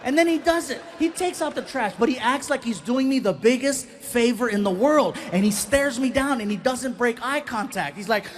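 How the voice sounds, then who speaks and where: A middle-aged man doing stand-up comedy, telling stories in an animated way and acting out other people's voices. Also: very high voice, a little hiss or hum.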